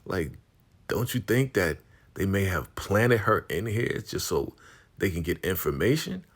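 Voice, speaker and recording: A man's voice: low-pitched, very animated, measured pace, slightly rough, heavily acted. A man voicing an exasperated young man who scolds impatiently.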